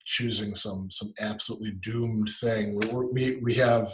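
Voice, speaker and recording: A man's voice: on the low side, flat delivery, moderate pace, slight background noise, low-quality recording. A man, a guest philosopher in casual conversation, explaining ideas as he thinks aloud and often restarting his sentences.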